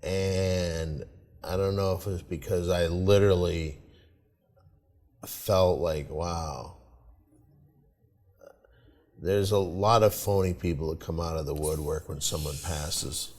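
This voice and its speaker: An older male comedian, a guest on a podcast, talking in a measured, reflective way. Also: low-pitched, fairly even intonation, a little mellow, big-room sound. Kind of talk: casual chat.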